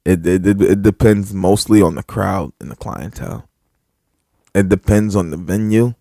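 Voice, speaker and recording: A young man, co-hosting a podcast and telling stories in a casual, animated way, swearing and getting loud. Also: deep voice, moderate pace, gravelly, dry recording, clean studio sound. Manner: animated, swearing, loud when reliving anger. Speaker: podcast co-host. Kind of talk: casual storytelling chat.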